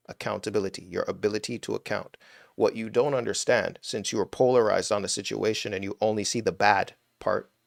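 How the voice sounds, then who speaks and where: Gravelly low-voiced man teaching on stream. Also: no echo, clean studio sound. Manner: informal and blunt, swears, many "right?" tags. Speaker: host of a spirituality and money live stream. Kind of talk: casual live-stream teaching.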